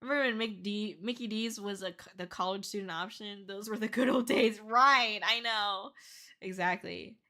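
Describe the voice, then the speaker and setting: A woman's voice: medium pitch, moderate pace, bright, forceful tone. A young woman from Canada streaming live, chatting casually with chat and thanking viewers. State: tearful and shrieking with excitement. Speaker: VTuber streamer. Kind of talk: casual livestream chat reading chat.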